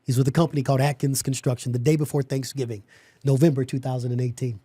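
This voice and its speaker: A man, a guest on a podcast, tells his own story in an animated, emphatic way, often repeating words and restarting sentences. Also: mid-range voice, fast, breathy edge, dry recording. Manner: animated, emphatic, laughs as he talks. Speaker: podcast guest, security company owner. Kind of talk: personal storytelling in a conversation.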